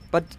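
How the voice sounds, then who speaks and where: A man's voice: a little high, vocal fry, a little mellow. A man with a Dutch accent giving chatty, upbeat live commentary on his own speedrun, explaining as he plays.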